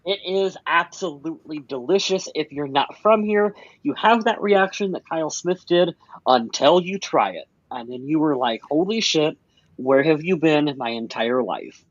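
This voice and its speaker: A man's voice: a little high, lively intonation, moderate pace, no room sound. Laid-back man from Iowa on a dull, dry line. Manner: laid-back, laughs often, swears casually. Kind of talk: casual live chat.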